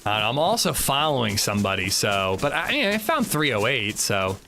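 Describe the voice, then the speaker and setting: Rambling, animated male game streamer. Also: mid-range voice, moderate pace, slight background noise. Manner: rambling, blunt, swears casually. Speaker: gaming livestreamer. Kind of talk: casual live gameplay chat.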